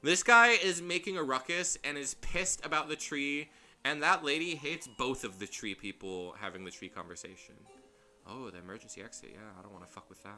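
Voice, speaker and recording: A man's voice: mid-range voice, fairly quick, sharp tone. A young man casually commentating a game on stream, chatty and rambling, laughing at himself as he goes. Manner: rambling, chatty, self-deprecating with frequent laughs. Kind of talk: casual let's-play commentary. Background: faint game music.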